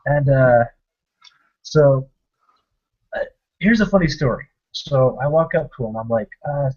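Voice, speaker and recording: A young man with a husky, slightly breathy voice tells a convention story in a loose, chatty way, slipping into the voices of the people he quotes. The sound is dull and lo-fi, like a home webcast. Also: mid-range voice, measured pace, long pauses. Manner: animated anecdote-telling, acting out quotes. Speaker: co-host of a tabletop gaming show. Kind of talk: casual storytelling recap.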